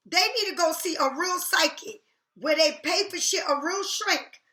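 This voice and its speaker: A woman tarot reader with a very high, sharp voice speaks directly to camera in a casual rant that is blunt, heated and full of profanity. The room she's in sounds echoey.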